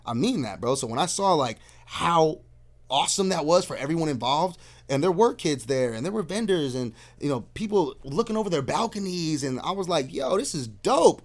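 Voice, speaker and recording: A man's voice: a little high, moderate pace. A man from Arizona, a podcast guest telling stories in casual chat, acting out what people said and calling everyone "bro". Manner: animated storyteller, acts out quotes, says "bro" constantly.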